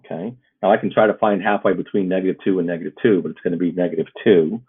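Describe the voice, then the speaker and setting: Low husky male math teacher, tinny. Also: very fast. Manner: steady, step-by-step explaining. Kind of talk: recorded math lesson. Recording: muffled phone-like audio.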